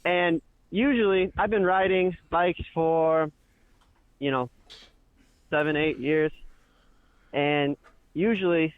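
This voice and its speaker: A man's voice: a little high, takes it slowly, pauses often, smooth, no room sound. A man calling in to a talk show, telling a story casually and acting out the quotes of people he argued with. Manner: animated, acts out shouted quotes. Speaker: caller. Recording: tinny phone line, dry.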